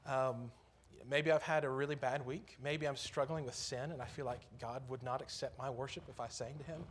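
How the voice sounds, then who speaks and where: A man's voice: medium pitch, steady tone, moderate pace, slight background noise. A man preaching a sermon in church, earnest and conversational, lifting his voice on key phrases.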